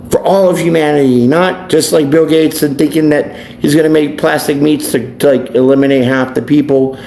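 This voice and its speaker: A man's voice: on the high side, gravelly, warm tone. A man, a tarot reader and life coach, ranting bluntly and preachily in a profane vlog monologue. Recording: echoey room, faint background noise.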